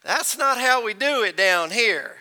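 A blunt, wise old Texas rancher voiced by a male pastor who draws out every word in a high, bright, piercing tone. He sounds smooth and clear, slow and unhurried. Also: animated, full character voice. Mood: drawling.

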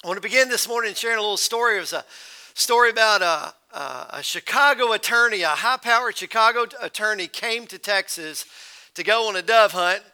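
A man's voice: high voice, brisk, sharp tone, smooth. A male pastor preaching a sermon, telling a folksy story to his congregation.

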